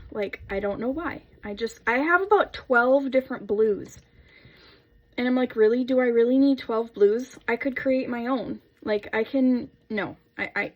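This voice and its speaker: Woman, young adult, soap maker, casual rambling tutorial talk, unhurried, slightly high voice. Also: a little mellow, dull audio. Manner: chatty, rambling asides while working.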